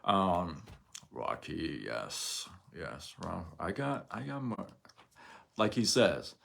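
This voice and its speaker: A middle-aged man hosts his own livestream, rambling candidly to viewers with frequent restarts and chuckles. His low, gravelly voice is fairly bright, swoops wildly in pitch, and moves slowly.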